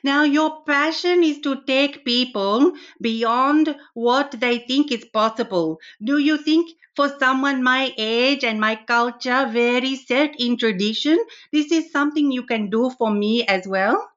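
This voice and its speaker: A woman's voice: high-pitched, a little slow, hardly any pauses, a bit bright, lo-fi sound. A woman putting on a cheeky auntie. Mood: teasing. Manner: teasing, flirtatious, playful.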